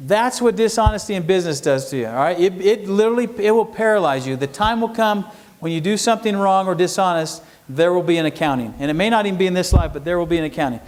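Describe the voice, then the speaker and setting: A man's voice: sits high, animated, fast, few pauses. A middle-aged man giving a talk to students, telling homespun stories and putting questions to the audience. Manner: folksy storytelling, asks the audience questions. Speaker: entrepreneur speaker. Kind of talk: lecture to students. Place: university lecture hall.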